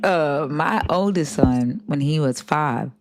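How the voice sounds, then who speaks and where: A woman's voice: low-pitched, takes it slowly, background noise. A woman and mother chatting casually on a live stream, telling laid-back funny stories about her kids. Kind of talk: casual chat.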